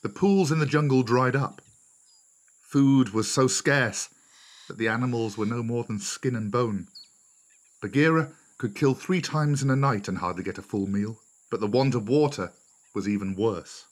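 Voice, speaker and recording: A man narrating a storybook aloud, measured and expressive. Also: medium pitch.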